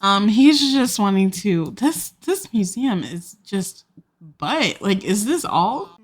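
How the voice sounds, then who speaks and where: A woman's voice: medium pitch, sing-song, slow. Chatty young woman narrating her gameplay. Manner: chatty, makes up stories as she plays. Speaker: let's play host. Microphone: desktop USB mic.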